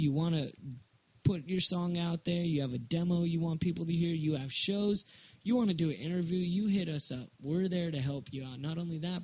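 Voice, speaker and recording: A young man co-hosts a loose comedy podcast with crude jokes, cutting in over his partner. His voice sits a little high for a man. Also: a little mellow. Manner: joking, crude, talks over his co-host. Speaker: podcast co-host. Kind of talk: casual comedic chat.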